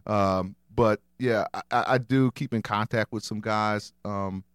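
A man's voice: lowish voice, fairly even intonation, measured pace, smooth, no echo, clean studio sound. A former football player chatting as a podcast guest, hesitant and repeating his words, with many "you know"s. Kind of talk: casual interview chat. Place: warm podcast studio.

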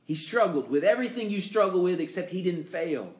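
A man preaching a sermon as pastor, emphatic, with dramatic pauses and rising questions. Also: high voice, animated, echoey room.

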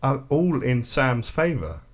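A man's voice: mid-range voice, very animated, slow pace. A man guesting on a podcast in casual chat, mischievous, with mumbled asides.

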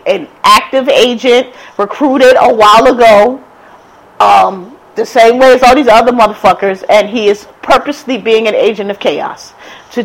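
A woman's voice: on the high side, rough recording. A woman giving blunt, profane, heated political commentary. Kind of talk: casual ranting commentary.

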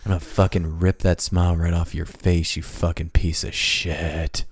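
A smug, snarling movie villain , as a podcast host puts him on, growls threats in a low, mocking voice. The sound is dry and close. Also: male voice, flat delivery, moderate pace, breathy edge, no echo. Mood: menacing.

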